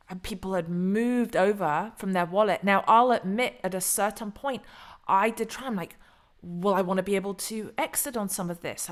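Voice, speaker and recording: Woman host, casual livestream talk, frank and easily excited, mid-range voice. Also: mid-range voice. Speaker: crypto channel host.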